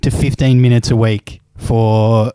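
An easygoing man hosting a rugby podcast, steering the conversation in a mid-pitched voice. The recording is close and dry. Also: flat delivery, a little slow, dark tone, clear, resonant tone, no room sound. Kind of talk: casual sports chat.

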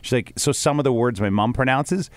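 A man's voice: medium pitch, fairly quick, no echo. A man who works in radio, rambling through a story in casual podcast chat with many restarts. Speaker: radio host.

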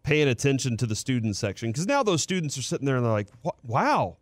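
A man hosting a sports radio show in a studio, pausing on "uh" fillers and turning animated as he retells a story. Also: medium pitch, no room sound. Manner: halting, many "uh" fillers, animated when retelling. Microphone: studio microphone.

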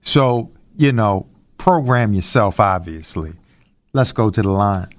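A man's voice: lowish voice, lively intonation, slow, no room sound. A man co-hosting a call-in talk show, talking in an earnest, reflective and somewhat preachy way.

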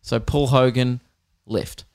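A man's voice: mid-range voice, steady tone, slow, creaky, a little mellow. A young Australian man hosting a podcast, rambling through jokes and swearing freely in casual comedic chat. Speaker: podcast host.

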